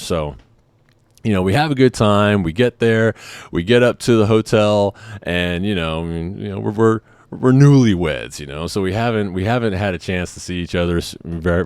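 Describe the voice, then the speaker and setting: A man in his thirties tells a story to his podcast audience in a candid, joking way, peppering it with casual asides. His voice sits low and sounds smooth and resonant. The recording is dry and close. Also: a little mellow, no echo. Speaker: podcast host.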